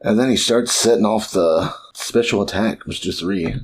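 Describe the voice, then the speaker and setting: A man's voice: on the low side, very animated, moderate pace, gravelly, husky. A young man hosting a podcast, chatting casually about manga chapters, swearing and acting out quotes. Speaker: podcast host.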